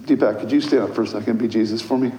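A man preaching a sermon as pastor, musing at times and rising to loud, emphatic proclamation. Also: lowish voice, fairly even intonation, very fast, noisy background. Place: church. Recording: echoey church hall.

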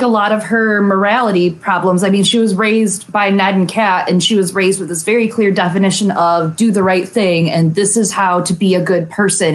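A woman guest on a fan podcast, explaining her view at length and earnestly. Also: mid-range voice. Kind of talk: casual livestream chat.

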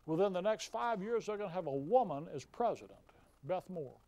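A man's voice: sits high, animated, brisk, a little mellow, no echo. A man preaching a fiery sermon, folksy and emphatic, with mocking asides.

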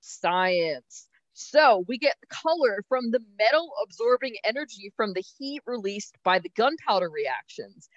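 Woman, podcast co-host, fairly high voice, slightly muffled dry sound, brisk explainer. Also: sing-song, dry recording. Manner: brisk, explanatory, laughs easily. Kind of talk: explaining science, casual.

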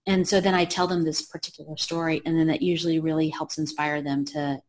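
A woman author and women's health coach, a podcast guest, telling stories in a lively anecdotal way. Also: low-pitched, brisk, a little hiss or hum. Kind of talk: storytelling in an interview.

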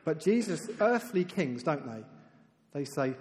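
A man preaching a sermon in a lively, conversational way, dropping to soft, emphatic tones for key points. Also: a little high, measured pace. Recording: reverberant hall.

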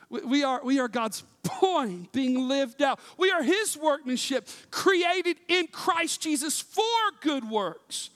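High-voiced, impassioned male preacher. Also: long reverb tail. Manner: impassioned, swinging from shouts to hushed whispers. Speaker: pastor. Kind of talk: sermon.

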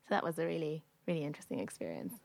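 Low, gravelly-voiced woman from Germany. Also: rapid-fire, no room sound. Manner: animated storyteller, acts out quoted exchanges. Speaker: podcast co-host. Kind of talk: casual discussion.

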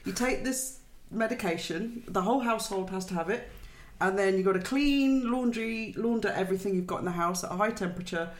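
A woman's voice: medium pitch, a little fast, roomy sound. A woman in her thirties co-hosting a podcast, chatty, telling a story and laughing often. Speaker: podcast co-host. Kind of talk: casual chat.

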